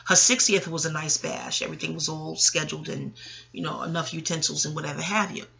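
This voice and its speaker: This audio blogger, a woman in her late forties, has a low, creaky voice and a brisk delivery. Her family stories come out as a loose, rambling monologue full of frank chatter, swearing, laughing asides, and animated back-and-forth with herself.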